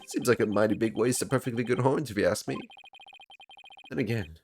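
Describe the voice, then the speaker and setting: A man's voice: lowish voice, brisk, soft background music, voice pushed up, close to an everyday voice. A man voicing a sneaky, scheming male caretaker in a put-on New York accent, drawling and brash. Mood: folksy.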